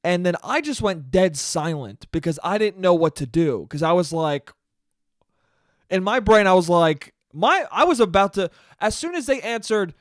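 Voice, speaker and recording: A young man hosting a solo podcast, telling stories in a casual, profane, animated way. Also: high voice, normal speed, dry recording, studio quality. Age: young adult. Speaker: podcast host.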